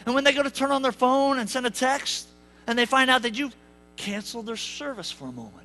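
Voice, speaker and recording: Male preacher, high bright voice, lively comic sermon delivery. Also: brisk, soft background music. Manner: animated, jokey, acts out voices. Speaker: pastor. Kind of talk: sermon with humorous storytelling. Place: church sanctuary.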